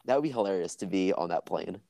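A man's voice: low-pitched, expressive, fast, vocal fry, dark tone, dry recording. A young man in casual podcast chat, teasing and quizzing his friend.

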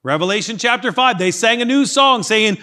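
A pastor delivering a sermon with a voice pitched high for a man. He preaches emphatically, throws rhetorical questions at the congregation and reads scripture aloud. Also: expressive, fairly quick, bright, forceful tone.

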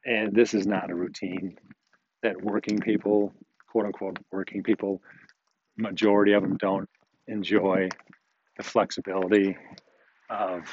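A man's voice: fairly low pitch, slight background noise. A middle-aged man hosting a casual podcast while walking his dog outdoors, rambling and joking in an easygoing way. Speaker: podcast host. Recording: dull lo-fi outdoor recording.

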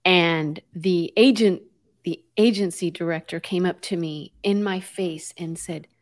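Brief: American woman guest, animated conversational storyteller, uses lots of fillers. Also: lowish voice, unhurried. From United States. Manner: lively, many fillers, mixes in Spanish words.

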